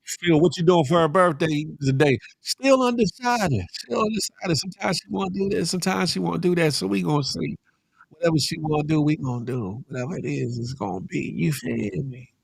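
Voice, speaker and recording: Gravelly animated man hosting a morning stream. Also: a little high, a little fast, no room sound, clean studio sound. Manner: animated, calls out chat names, slangy and preachy. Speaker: morning show host. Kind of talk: casual live-stream chat reading viewer comments.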